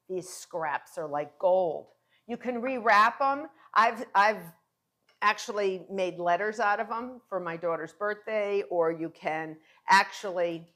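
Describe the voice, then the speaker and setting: A woman's voice: medium pitch, fairly bright tone. A middle-aged woman demonstrating pie making as a cooking instructor, chatty and encouraging as she walks viewers through each step.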